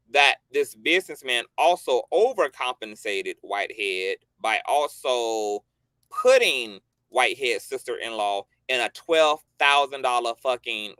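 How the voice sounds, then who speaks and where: A man's voice: medium pitch, smooth, no room sound. A man hosting a commentary channel, reacting to a clip in an emphatic, rhetorical way and swearing freely. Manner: lively, rising and falling emphasis.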